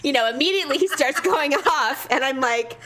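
A woman's voice: high voice, a little fast. A middle-aged woman in casual chat, telling exasperated stories with lots of animation. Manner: animated storyteller, exasperated venting.

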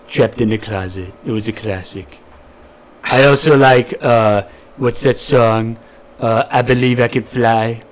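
A young man co-hosting a podcast, joking crudely and trolling in a deadpan way. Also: lowish voice. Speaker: podcast co-host. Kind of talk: casual chat.

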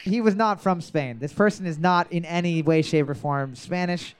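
Male trivia quizmaster, high voice, casual and profane, repeats questions. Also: normal speed, clean tone. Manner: crude, joking, repeats each question. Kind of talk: casual bar trivia hosting.

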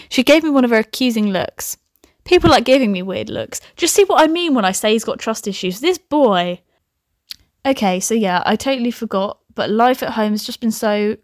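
A woman's voice: fairly high pitch, dry recording, clean studio sound. Giggly young woman reading her own story. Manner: chatty, giggly, swearing asides. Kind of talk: comic reading with running commentary.

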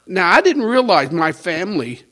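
An older man in his sixties, a pastor, tells his conversion story in a homespun way. His voice sits a little high for a man. He chuckles often and plays out the lines of the people in his story. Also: sing-song, normal speed, pushed and bright. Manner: storytelling with quoted dialogue and chuckles. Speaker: pastor sharing his testimony. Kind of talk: conversational personal testimony.

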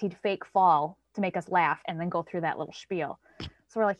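A woman's voice: fairly low pitch, moderate pace, no room sound. Chatty woman telling a long story. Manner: chatty, acts out quoted lines in a lifted voice. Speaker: parent guest. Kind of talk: casual conversational storytelling. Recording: dry, slightly dull sound.

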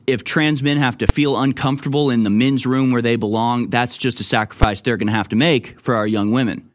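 A man hosting a political commentary show, reading news stories aloud and reacting with indignant, mocking remarks. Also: medium pitch. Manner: indignant, mocking, puts on voices for people he quotes. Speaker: political talk show host.

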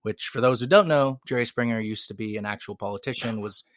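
A man's voice: mid-range voice, fast, no echo, clean studio sound. A man co-hosting a podcast, chatting casually in a rambling way with frequent restarts and chuckles. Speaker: podcast co-host. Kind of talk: casual chat.

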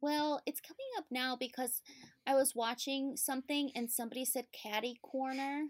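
A woman's voice: high-pitched, steady tone, dry recording, studio quality. A woman co-hosting a podcast, chatting casually and easily agreeing with her partner. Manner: easygoing, quick to agree and laugh along. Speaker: podcast co-host.

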